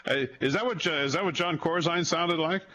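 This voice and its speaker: A man's voice: on the high side, fairly quick, sharp tone. A man hosting a radio talk show, easygoing and laughing along, with hesitant fillers. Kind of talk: radio interview.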